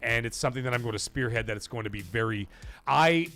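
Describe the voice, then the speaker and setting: A man's voice: medium pitch, quick pace, sharp tone. A middle-aged man hosting a live stream, chatting casually, reading viewer messages aloud, and telling stories in a loose, profane, emotional way. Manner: profane, rambling, emotional storytelling; reads viewer super chats aloud. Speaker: livestream host.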